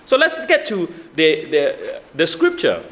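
A man's voice: a little high, wildly swooping pitch, slow pace, fairly bright tone. A man preaching a sermon as pastor, asking the congregation many rhetorical questions.

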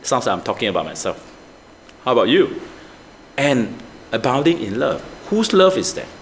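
A man's voice: mid-range voice, very animated, normal speed, slight background noise. A man preaching a sermon as pastor, asking the congregation many rhetorical questions.

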